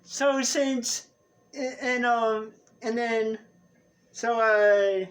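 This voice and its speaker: Halting, slow-talking man running a game. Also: extremely high pitch, fairly even intonation. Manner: rambling, halting, many fillers and restarts. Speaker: game master. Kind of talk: narrating a tabletop role-play.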